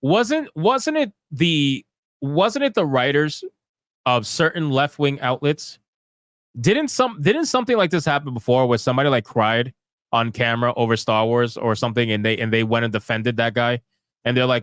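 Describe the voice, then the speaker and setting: Male streamer ranting with sarcasm, middle pitch, dry sound. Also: lively intonation, normal speed, a bit bright, dry recording. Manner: sarcastic, ranting, rhetorical questions. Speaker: streamer commentator. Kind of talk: live commentary reading tweets.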